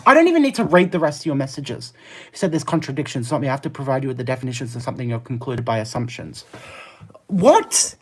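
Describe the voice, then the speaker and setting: Husky, lively streamer ranting at chat. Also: medium pitch. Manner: argumentative, fast rants with many "like" fillers; laughs often, easily amused. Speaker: live streamer. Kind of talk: live stream chat, reacting to viewer messages.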